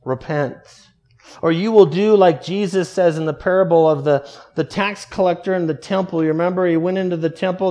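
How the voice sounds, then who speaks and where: High-voiced earnest male preacher. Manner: earnest preaching, drops low and quiet for emphasis, stretches quoted prayers slowly. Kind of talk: sermon.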